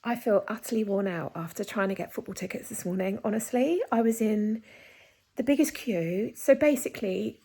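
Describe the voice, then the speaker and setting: A woman's voice: mid-range voice, normal speed, gravelly, mellow, slightly rough, poor audio. A woman, chatting casually and rambling a little as she vlogs her day, out of breath. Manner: chatty, rambling, self-deprecating. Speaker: vlogger. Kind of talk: casual vlog chat.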